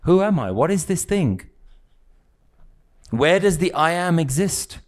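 A man teaching a spiritual lesson to a live group, speaking slowly in repeated phrases and asking his listeners rhetorical questions. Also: fairly high pitch, sing-song. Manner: slow, questioning, repetitive phrasing.

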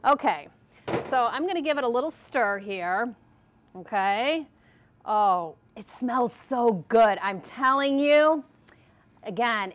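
A woman's voice: medium pitch, fairly bright tone. A woman from Arkansas hosting a TV cooking segment, chatty and jokey as she mixes a recipe on a studio kitchen set. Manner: bubbly, jokey, talks to camera while mixing.

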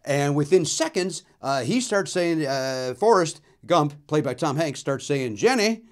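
Animated man telling a comic story. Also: a little high. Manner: animated, with sudden loud outbursts and quick asides. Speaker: comedian and show host.

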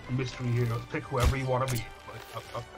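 A man talking over game sounds with loud music underneath, his pitch sitting right in the middle. He stays flustered and casual with friends, swears freely and laughs at his own fumbling. It sounds like a home streaming setup with a headset mic. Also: level tone, brisk. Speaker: streamer playing a team shooter. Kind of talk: casual gaming chat with friends.

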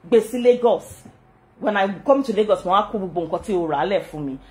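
A woman's voice: mid-range voice, very fast. A middle-aged Nigerian woman with a Yoruba-inflected accent, hosting a casual vlog and talking indignantly, switching between English, Pidgin and Yoruba. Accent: Nigerian, Yoruba-speaking. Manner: animated, mixing English, Pidgin and Yoruba, frequent laughter, indignant. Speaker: channel host.

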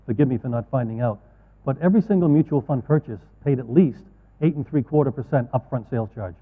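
A man's voice: mid-range voice, fast talker. A middle-aged man giving a talk to advisors, folksy and earnest, with asides. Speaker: conference speaker. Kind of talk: keynote talk to financial advisors. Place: large conference hall. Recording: tinny, echoey hall audio.

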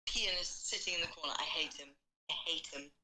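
A woman's voice: fairly low pitch, brisk, sharp tone. A woman telling a rambling, sweary story over speakerphone. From Britain. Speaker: caller.

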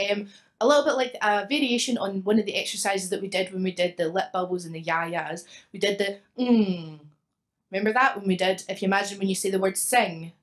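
A young woman from Scotland talks through singing exercises as a vocal coach. Her voice sits at a middle pitch, and she chats along easily, often laughing. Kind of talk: singing lesson.

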